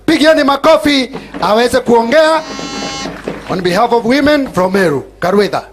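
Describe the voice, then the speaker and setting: A Kenyan man working as emcee at a political rally, with a very high-pitched voice. He introduces each speaker and calls the crowd to clap. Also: lively intonation, moderate pace, background noise. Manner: calling the crowd to applaud. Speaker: master of ceremonies. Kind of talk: rally announcements.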